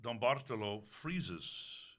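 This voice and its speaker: A man, an opera singer, telling a story about a stage role in casual chat, lively and quick to laugh. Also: medium pitch.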